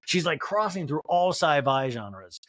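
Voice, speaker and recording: A man's voice: fairly high pitch, measured pace, dry recording, clean studio sound. A man hosting a podcast, recapping reality TV in a gossipy, comic way and breaking into impressions. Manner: animated and gossipy, with sudden impressions. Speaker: podcast host.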